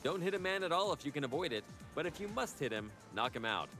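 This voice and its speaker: A hearty old-fashioned Teddy Roosevelt. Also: male voice, fairly high pitch, sing-song, a bit bright, faint music behind. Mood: earnest. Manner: brisk, lofty old-fashioned diction. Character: hearty, confident young Teddy Roosevelt boxer. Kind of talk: video game character voice acting.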